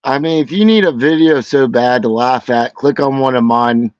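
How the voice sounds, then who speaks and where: A man's voice: medium pitch, moderate pace, a little mellow, dry recording. Man, panelist, mild and conciliatory, easygoing, muffled lo-fi mic. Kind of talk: live stream panel chat.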